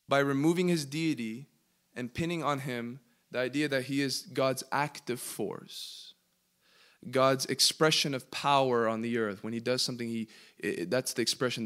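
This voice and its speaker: A man teaching a Bible study as a pastor, emphatic, asking his listeners questions and slowing down to stress key words. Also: mid-range voice, sharp tone. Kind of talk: interactive sermon teaching.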